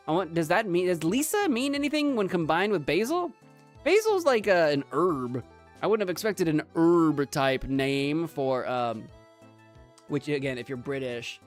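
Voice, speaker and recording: American woman streamer, casual gameplay chatter, giggly and rambling, very animated. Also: deep voice, unhurried, faint music behind. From United States. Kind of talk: casual let's play commentary.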